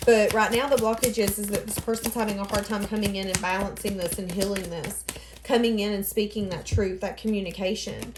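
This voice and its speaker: A woman's voice: mid-range voice, fairly even intonation, fairly quick, darkish tone, slight background noise. A woman giving a casual tarot reading, rambling and thinking aloud as she goes. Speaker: tarot reader. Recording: echoey room.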